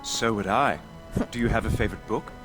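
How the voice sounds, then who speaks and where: A man's voice: lowish voice, fairly quick, fairly bright tone, soft background music, natural voice. An actor playing a polite, courtly young nobleman in a video game, with formal and charming speech.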